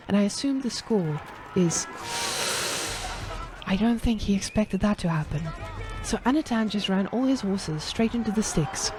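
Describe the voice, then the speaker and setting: South african girl streaming, hyped game commentary, mid pitch, laughs a lot. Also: normal speed. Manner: excitable, chatty, laughs often.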